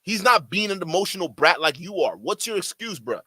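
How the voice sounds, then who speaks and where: A man's high, sing-song voice, brisk, bright and forceful with a breathy edge and no room sound, carries his streamed reaction to a clip. He mocks and rants heatedly, mimicking people in exaggerated voices and sometimes stuttering slightly.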